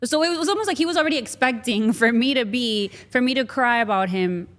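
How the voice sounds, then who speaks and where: A woman hosting an interview, speaking gently and empathetically. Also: on the high side, lively intonation, brisk, big-room sound. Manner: gentle, empathetic, laughs easily. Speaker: podcast host. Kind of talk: heartfelt conversational interview.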